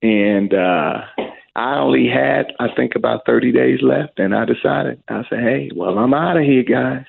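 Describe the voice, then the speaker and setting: A man's voice: medium pitch, measured pace, gravelly, a little hiss or hum. A middle-aged man from Alabama, an interview guest telling stories and acting out the people he quotes. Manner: animated storyteller who acts out the voices of people he quotes. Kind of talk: casual storytelling. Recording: narrow phone-like sound.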